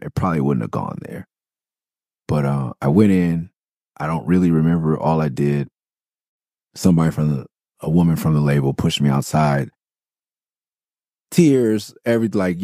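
A man's voice: low-pitched, lively intonation, normal speed, long pauses, dark tone, no echo, clean studio sound. A man hosting a podcast, telling a candid story in a rambling, profane, loose way. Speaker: podcast host.

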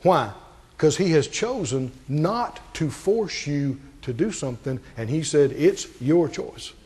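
Animated high-pitched preaching man. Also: slow, slightly rough. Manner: animated preaching, rising to high emphatic peaks; asks the congregation questions. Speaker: pastor. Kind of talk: sermon.

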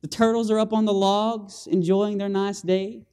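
High-pitched guy preaching in a church, super animated, asks for amens, does boom sounds. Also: normal speed, clear, resonant tone. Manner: animated, with call-and-response and vocal sound effects. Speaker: guest preacher. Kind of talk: lively evangelistic sermon. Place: church sanctuary.

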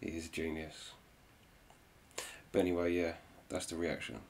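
A man, hosting a reaction video and chatting casually in a relaxed, rambling way. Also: sits low, moderate pace, vocal fry, slight background noise.

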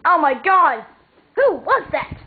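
A woman's voice: extremely high pitch, sing-song, slow. A woman acting out a playful toy role-play with voices, melodramatic and full of worried wails. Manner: melodramatic, lots of 'oh no' wailing. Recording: tinny phone-like audio with faint hiss.

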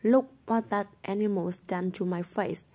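A woman's voice: medium pitch, fairly even intonation, a little slow, warm tone, natural voice. A woman reading the lines of an earnest, bruised teenage boy who fights, in a blunt, questioning way.

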